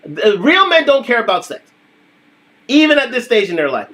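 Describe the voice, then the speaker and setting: A man's voice: very high-pitched, sing-song, moderate pace, sharp tone. A young adult man hosting a casual livestream, talking emphatically and repeating his points. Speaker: livestream host.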